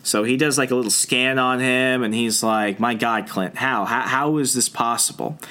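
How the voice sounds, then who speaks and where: A man's voice: medium pitch, sharp tone. A young man with a mid-range voice, chatting casually on a podcast. He retells a comic book plot, slipping into short acted lines for each character. His delivery is loose, full of "you know" and "like.". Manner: retells scenes, acting out lines in quick voices. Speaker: podcast co-host. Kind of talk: casual comic recap chat.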